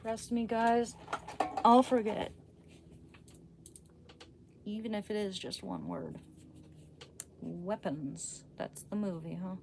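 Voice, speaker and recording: A young adult woman chats casually into her phone on a late-night livestream from home, rambling playfully and often dropping to a hush so she won't wake her family. Her medium-pitched voice has vocal fry, fairly even intonation, a slow pace, and frequent pauses. The background is noisy.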